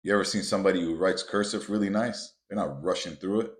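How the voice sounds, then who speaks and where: A man with a very low, deep voice hosts a motivational podcast. He talks to his listeners bluntly and emphatically, swearing freely as he lays out his advice. He addresses them directly and often calls them "guys.". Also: fast talker. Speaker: podcast host.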